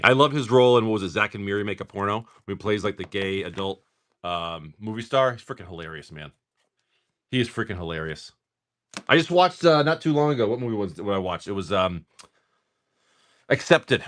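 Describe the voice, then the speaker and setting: A man's voice: on the low side, animated, a little fast, long pauses, a bit bright. A middle-aged man casually chatting and swearing while he opens card packs for viewers on a livestream. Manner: chatty, swearing, rambling storyteller. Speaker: livestream card-breaking host.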